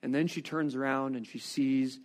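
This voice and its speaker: A man preaching a sermon, reading scripture and reflecting on it with expressive, rising rhetorical questions. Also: medium pitch, normal speed.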